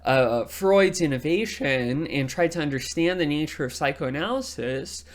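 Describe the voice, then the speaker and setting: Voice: mid-range voice, lively intonation, normal speed. A lecturer from Texas with a Texan accent, explaining ideas in a casual, thinking-aloud way with many fillers and tag questions.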